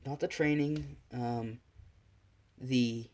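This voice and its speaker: A man's voice: medium pitch, fairly even intonation, unhurried, darkish tone. A man casually narrates a fan story recorded on a phone. He rambles and restarts often. He swears offhandedly. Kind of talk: casual spoken fan fiction.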